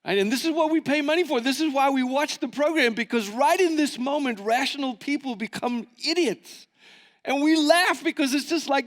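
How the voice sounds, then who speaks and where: A high-voiced man preaches to a conference crowd, telling a story with lots of energy and acting out the voices of its characters. His voice rings out with a long reverb from the church hall. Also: moderate pace. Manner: animated, acting out quoted voices. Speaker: pastor. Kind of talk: sermon storytelling.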